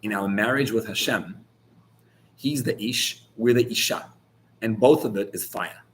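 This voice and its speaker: A man's voice: lowish voice, a little slow, fairly bright tone. A man, a rabbi, giving an informal Torah class in a searching, conversational way, full of restarts, that builds to heated emphasis on key words.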